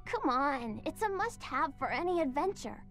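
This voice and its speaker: A sickly young boy in a video game, high-voiced and eager, earnestly explaining his new invention. Faint game music plays behind him. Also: very animated, moderate pace, a bit bright. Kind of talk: game voice acting.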